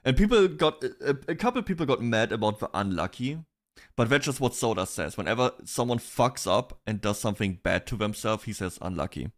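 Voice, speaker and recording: A man's voice: medium pitch, lively intonation, a little fast. A man streaming, chatting casually about online drama in a rambling way, with restarts and bursts of laughter.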